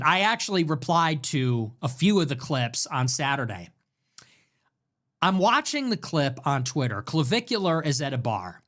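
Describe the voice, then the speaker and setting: A man delivering a casual commentary monologue, mocking and ranting, shifting between deadpan asides and near-yelled punchlines. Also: a little high. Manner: animated, mocking, ranting, swings from deadpan to yelling. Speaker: online commentator.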